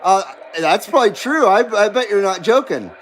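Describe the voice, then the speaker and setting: A man's voice: high voice, lively intonation, moderate pace, fairly bright tone, rough recording. A man hosting a CB radio livestream, reading chat messages aloud in a rambling, self-deprecating way and laughing often. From western United States.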